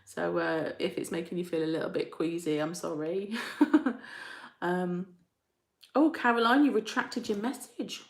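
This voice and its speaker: A woman's voice: lowish voice, a little slow, gravelly. A woman hosting a live chat, reading out viewer comments in a rambling, chatty way and laughing often. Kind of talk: casual chat. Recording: roomy echo.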